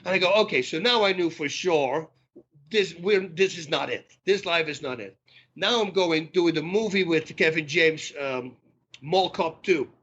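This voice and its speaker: A middle-aged man speaks as a podcast guest with a forceful, bright tone that sits a little high for a man. He tells his stories in an animated way and slips into the voices of the people in them. The recording is dull and lo-fi. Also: unhurried, a little hiss or hum. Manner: animated storyteller who acts out dialogue. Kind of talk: storytelling interview talk.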